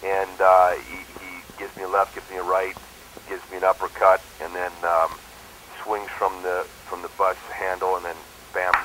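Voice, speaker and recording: Really low-voiced guy spinning a lively stunt story over the phone, faint hiss. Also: normal speed, low-quality recording. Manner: animated storyteller, jumps into quoted voices. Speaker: stuntman and performer. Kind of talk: casual phone interview storytelling.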